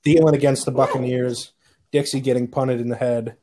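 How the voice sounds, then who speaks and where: Mellow-voiced man trading sarcastic jabs. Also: mid-range voice, little pitch movement, fairly quick. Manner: teasing, dry sarcastic jabs. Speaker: fantasy league co-host. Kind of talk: casual podcast banter.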